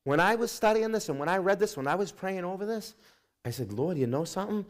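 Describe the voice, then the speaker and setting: A man's voice: high-pitched, expressive, fast talker. A male pastor preaching a sermon in an emphatic, repetitive way, speaking straight to his congregation.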